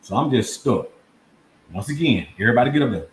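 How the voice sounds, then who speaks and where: A fast-talking man with a mid-range voice tells a funny story on a podcast, animated as he does voices and breaks into laughter mid-story. Faint background noise and room echo are audible.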